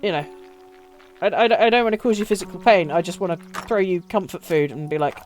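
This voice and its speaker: A woman with a lowish voice live-streams a game over soft background music, talking a little fast. She chats casually with viewers, swearing freely and laughing often.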